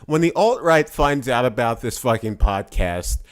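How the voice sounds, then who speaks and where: A young man from Florida chatting casually on a podcast, profane and quick to laugh in mock outrage. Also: mid-range voice, expressive. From Florida, USA. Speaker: podcast host.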